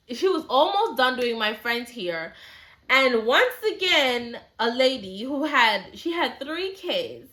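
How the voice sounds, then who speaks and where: A woman's voice: fairly high pitch, sharp tone. A woman telling a story in a casual, chatty way, full of slang and "like" fillers.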